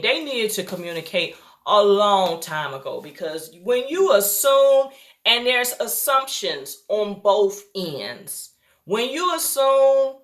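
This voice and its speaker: A woman with a bright voice talks through a TV episode recap in a loose, chatty way. She acts out what the characters said and fills the gaps with ums and you-knows. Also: medium pitch. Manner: chatty retelling, acting out quotes, frequent um and you know. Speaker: TV recap reviewer.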